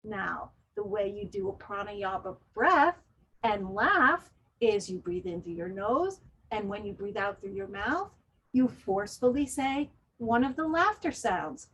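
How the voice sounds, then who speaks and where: American lady leading a webinar, coaching breathing and laughing drills, airy husky voice. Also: medium pitch, animated, unhurried, fairly bright tone, poor audio. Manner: leads listeners through breathing and laughing drills. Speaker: wellness presenter. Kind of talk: webinar presentation with guided laughter exercises.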